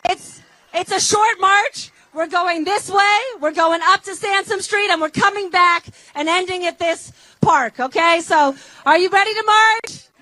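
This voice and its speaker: A woman's voice: extremely high pitch, measured pace, sharp tone, dry recording, low-quality recording. A woman organizer giving a rally speech to a crowd outdoors, rousing and leading chants. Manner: rousing, leads call-and-response chants.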